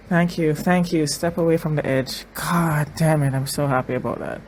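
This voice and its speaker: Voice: medium pitch, steady tone, moderate pace, a little hiss or hum, rough recording. Tearful TV reaction host, repeating phrases. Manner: emotional, repeats phrases, thinks aloud with many restarts. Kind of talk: emotional TV episode reaction commentary.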